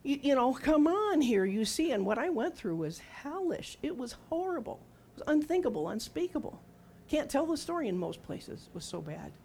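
Very animated and a little mellow, a woman in her sixties preaches at normal speed in a fairly high voice, with a little hiss or hum in the recording. Her conversational testimony sermon asks listeners questions and dramatizes quoted lines from herself and God.

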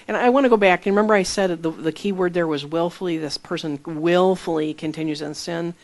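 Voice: medium pitch, a little fast. A preacher giving a conversational sermon, reading scripture aloud and explaining it plainly through personal stories. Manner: earnest, reads scripture then explains it plainly; tells personal stories with small laughs. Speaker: Bible teacher.

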